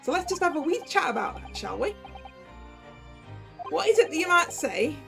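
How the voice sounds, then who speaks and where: A woman's voice: sits high, sing-song, moderate pace, gravelly, over music, full character voice. A woman voicing a menacing, bossy middle-aged man with a put-on Irish accent. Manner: threatening, bossy, commanding.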